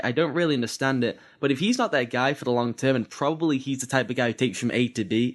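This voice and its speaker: A man co-hosting a sports podcast, giving analytical breakdowns in quick runs of detail with small restarts. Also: medium pitch.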